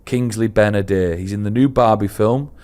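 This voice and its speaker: A man co-hosting a casual podcast, telling a story with animated embarrassment. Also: lowish voice, normal speed, smooth. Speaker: podcast co-host.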